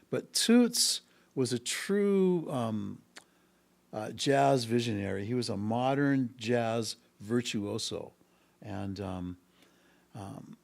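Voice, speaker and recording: A man who is a musician, guest on an interview podcast in a music school studio, telling a long story with many pauses and hesitations. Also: fairly low pitch, creaky. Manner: rambling, with frequent hesitations. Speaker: musician guest, harmonica and bass player.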